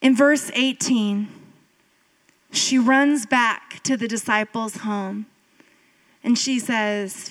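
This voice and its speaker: A woman pastor in her thirties gives a sermon like she's telling a story to friends. Her voice sits fairly high and her delivery is slow and unhurried. She fills it with casual asides and jumps up in pitch to drive a point home. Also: rough recording. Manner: animated storytelling, jumping up in pitch for emphasis; conversational, with filler "like" and asides.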